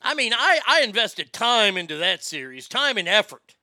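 A man's voice: high-pitched, sing-song, moderate pace, bright, forceful tone, no echo, studio quality. A man hosting a live stream, chatting casually, ranting with profanity and reading viewer comments aloud.

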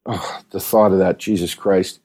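A man's voice: sits low, steady tone, normal speed, a little mellow, slightly rough. A man hosting a podcast, talking in a rambling, casual monologue full of restarts and fillers. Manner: rambling, restarts, heavy use of "like". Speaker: podcast host.

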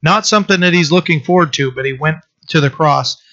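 A man preaching a sermon and reading scripture, talking haltingly with many fillers and restarts. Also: a little high, bright, forceful tone. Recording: dull lo-fi recording.

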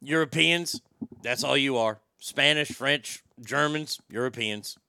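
A man's voice: mid-range voice, takes it slowly, creaky, bright, forceful tone, clean tone, dry recording, studio quality. A man hosting a talk show, ranting bluntly and profanely, with frequent stammered restarts. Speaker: show host. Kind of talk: opinionated talk show rant.

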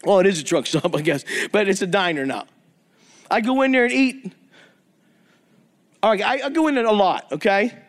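Male preacher, high voice, animated storyteller sermon to a men's group. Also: normal speed, pauses often. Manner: animated, acts out quoted voices, jokey asides. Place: church or men's meeting hall.

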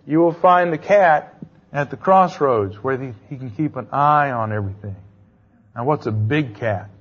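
A man's voice: mid-range voice, normal speed, highs cut off. A man giving a classroom lecture in a conversational way, quizzing his students with questions as he goes.

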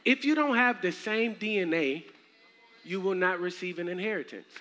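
A young man preaching a sermon in a church, animated and humorous with casual slang. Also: sits high, normal speed. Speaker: minister. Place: church sanctuary. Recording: echoey hall, faint noise.

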